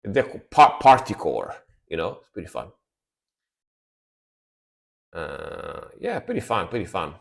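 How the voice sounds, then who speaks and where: A man chatting casually on a music reaction live stream, laid-back and rambling, often trailing off quietly. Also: deep voice, sing-song, slow pace, vocal fry, pauses often.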